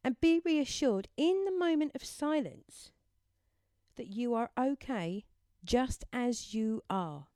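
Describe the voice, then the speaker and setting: A woman delivers a motivational mindfulness talk in a gentle, encouraging way. Her voice is smooth and clear and sits a little high, and she takes her time over every phrase. The recording is dry, with no room echo. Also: expressive, takes it slowly. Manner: gentle, encouraging, leads listeners through affirmations. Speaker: self-help speaker.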